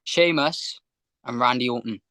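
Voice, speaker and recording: A man's voice: mid-range voice, a little slow, sharp tone, dry recording. A man who is a guest on a casual podcast, hesitantly thinking aloud as he answers quiz questions.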